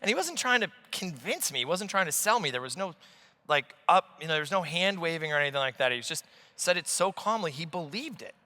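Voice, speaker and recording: A man in his forties, an investor telling stories in an animated, blunt way on a conference stage, swearing freely. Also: fairly high pitch, quick pace. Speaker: investor guest. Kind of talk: on-stage conversation. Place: large conference hall stage. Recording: long hall reverb.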